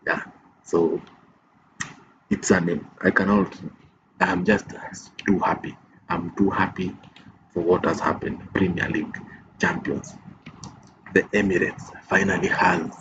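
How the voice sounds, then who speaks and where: A man's voice: deep voice, flat delivery, unhurried, long pauses, muffled recording, noisy background. A man hosting a fan reaction channel, euphoric and repeating his phrases like chants. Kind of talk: excited fan reaction vlog. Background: music playing under the voice.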